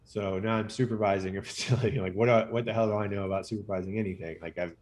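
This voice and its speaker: A man's voice: lowish voice, fairly even intonation, very fast, darkish tone. A middle-aged American man, a physician guest in an interview, telling stories casually with lots of fillers and restarts. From United States. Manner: rambling, many fillers and restarts.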